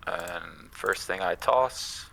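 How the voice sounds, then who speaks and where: A man's voice: deep voice, takes it slowly, vocal fry, fairly bright tone, rough recording. A man playing a card game opponent, easygoing, reading card text aloud and musing over his choices. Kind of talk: casual gameplay chat.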